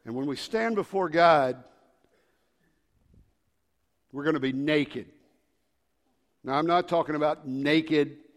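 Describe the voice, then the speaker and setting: Give me a man preaching a sermon in a large church, shifting from whispers to shouts, with a long hall echo. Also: a little high, slow pace, pauses often. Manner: swings from hushed whispers to shouted rallying calls. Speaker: pastor.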